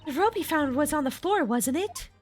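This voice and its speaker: A courteous, earnest young woman assistant speaks in a very high, careful voice, as a streamer puts her on. Her manner stays formal and gentle. Faint game music runs behind her. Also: lively intonation, normal speed. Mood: polite.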